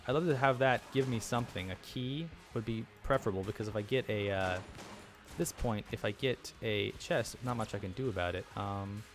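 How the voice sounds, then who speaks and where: A man's voice: lowish voice, moderate pace, faint music behind. A young man casually commenting on his own gameplay, rambling and self-deprecating, with chuckling asides. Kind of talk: casual let's-play commentary.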